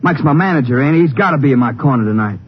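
A weary cowpoke boxer. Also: male voice, mid-range voice, animated, very fast, breathy edge. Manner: weary drawling Western talk. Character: young worn-out ex-cowpoke boxer. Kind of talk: 1950s radio drama acting. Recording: dull old radio broadcast, hissy.

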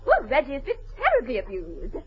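A woman's voice: sits high, wildly swooping pitch, fairly quick, background noise, exaggerated voice. An actress playing a gossipy, dramatic titled English lady in 1940s radio-comedy style, with a gushing, theatrical delivery. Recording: dull old radio broadcast, audience.

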